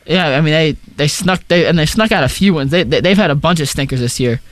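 A high-voiced young man co-hosts a casual sports talk show with blunt, skeptical opinions. His voice is recorded dry and close, with no room sound. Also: quick pace, dry recording. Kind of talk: casual sports radio chat.

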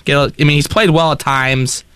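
An excitable young man co-hosts a casual sports talk show, tripping over his words and restarting his sentences as he jumps between topics. His voice is smooth and clear, recorded dry with no room sound. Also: on the high side, fairly quick, no room sound. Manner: excitable, self-deprecating, many restarts. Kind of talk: casual sports radio chat.

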